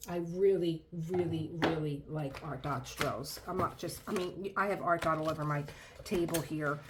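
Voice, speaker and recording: Chatty excitable woman with a low voice. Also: moderate pace, noisy background. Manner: chatty and excitable, trailing off mid-sentence, whispering in awe. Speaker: craft channel host. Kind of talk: casual unboxing chat.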